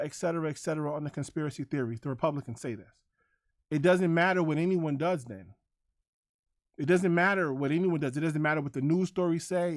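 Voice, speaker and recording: A man's voice: a little high, a little mellow, no room sound, studio quality. A man hosting a livestream, ranting to his chat in a combative, profane, repetitive way. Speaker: livestream host.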